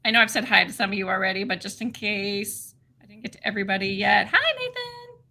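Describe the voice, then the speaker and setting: A woman's voice: medium pitch, level tone, fast, gravelly, pushed and bright. A woman co-hosting a casual livestream, bubbly and laughing, greeting viewers by name. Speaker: livestream co-host.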